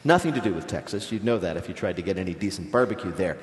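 A man's voice: sits low, expressive, fast. A man hosting a live comedy quiz show, playful and teasing, often laughing at his own jokes. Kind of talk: joking radio quiz banter. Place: stage before a live audience. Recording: live audience in a reverberant hall.

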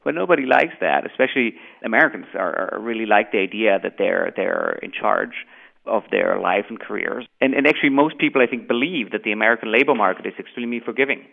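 A man with a German accent, an economics professor explaining his research in a measured way over the phone. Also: fairly low pitch, expressive, gravelly. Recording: tinny phone line.

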